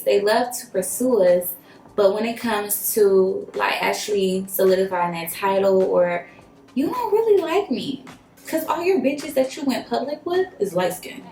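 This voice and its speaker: A young woman vlogger, telling a dating story in an animated storytime style, swearing freely and acting out quotes. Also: medium pitch. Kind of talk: storytime vlog. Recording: echoey room, faint music.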